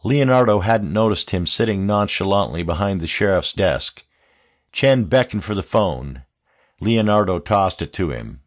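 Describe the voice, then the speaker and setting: Low-voiced male audiobook narrator. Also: lively intonation, a little slow. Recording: dull lo-fi audio.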